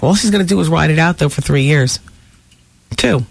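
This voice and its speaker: A woman hosting a talk radio show, chatting through celebrity gossip in a lively way with asides to listeners. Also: low voice, normal speed, gravelly, breathy edge, no room sound. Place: radio studio.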